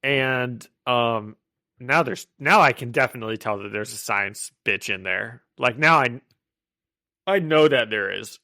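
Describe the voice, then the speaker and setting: Animated man co-hosting a podcast. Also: mid-range voice, measured pace, gravelly, no room sound, studio quality. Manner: animated, rambling, laughs often. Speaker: podcast co-host. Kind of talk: casual comic book podcast chat.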